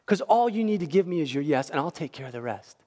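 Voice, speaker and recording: Casting: high-pitched male preacher, animated storyteller, long hall reverb. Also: fast talker. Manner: animated storyteller, swings from quiet to near-shouting. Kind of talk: sermon with storytelling.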